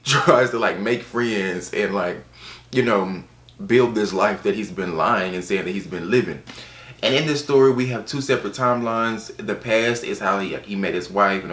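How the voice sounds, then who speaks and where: A man casually reviewing books on his channel, chatty and animated, with playful asides. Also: fairly low pitch, roomy sound, slight background noise. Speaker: book reviewer. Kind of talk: casual book review vlog.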